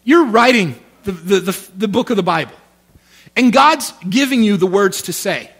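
A male pastor preaching a sermon in an animated, conversational way, often checking in with his listeners. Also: sits high, moderate pace, breathy edge.

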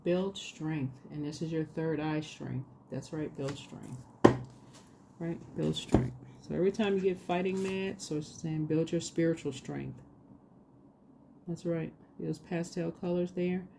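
A woman giving a casual tarot reading, reading affirmations slowly and repeating phrases in a soothing way. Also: sits low, steady tone, vocal fry, heavy background noise. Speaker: tarot reader.

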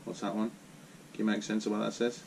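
A man chatting gently with his young daughter, encouraging her and prompting her with questions. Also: on the low side, flat delivery, fast talker, vocal fry, background noise. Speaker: father.

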